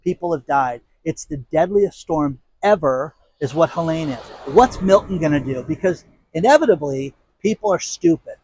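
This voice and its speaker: Outdoors, a man hosting his own commentary channel delivers an angry rant, heated and exasperated with sarcastic asides. His voice is fairly high, lively and slightly mellow at a moderate pace, with slight background noise.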